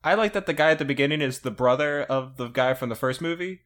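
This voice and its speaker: A man's voice: a little high, fast talker, fairly bright tone. A man co-hosting a casual podcast, chiming in with dry jokes. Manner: dry, joking interjections. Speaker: podcast co-host.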